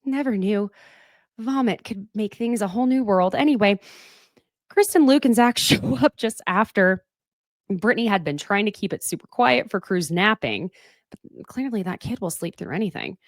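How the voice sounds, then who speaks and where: This reality-show recap podcast is hosted by a woman speaking at a medium pitch and normal speed, with clean studio sound and no echo. Her delivery is lively and gossipy, full of laughter and remarks aimed straight at her listeners.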